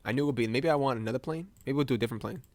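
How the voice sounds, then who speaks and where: A man's voice: mid-range voice, racing, no room sound. A young American man chatting casually while he edits images live for a stream, rambling, joking at himself and laughing often. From United States.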